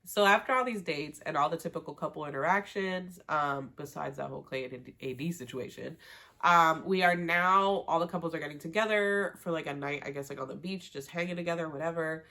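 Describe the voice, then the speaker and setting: A woman with a lowish voice talks through a show recap like she's chatting with a friend. She's slangy and animated, drops the odd swear, and keeps the storytelling loose and personal. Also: a little fast. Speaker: TV recap vlogger.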